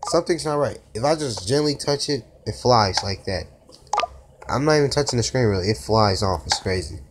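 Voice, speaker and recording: Excitable young gamer man, noisy phone recording. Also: mid-range voice, fairly quick. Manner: excitable, exclaims and groans at each try. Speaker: gaming YouTuber. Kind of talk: casual mobile gameplay commentary.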